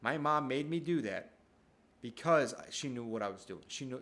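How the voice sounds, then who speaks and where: A man's voice: mid-range voice, moderate pace. Man, casual vlog monologue, swears a lot, rambling storyteller, recorded at home. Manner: profane, rambling, animated storyteller. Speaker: vlogger. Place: at home, downstairs.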